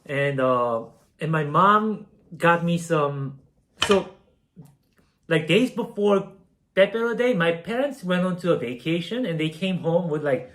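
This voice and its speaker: A man's voice: fairly high pitch, expressive, a little slow, fairly bright tone. A young man from South Korea casually telling a story while baking, rambling and self-deprecating, with many fillers. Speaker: streamer.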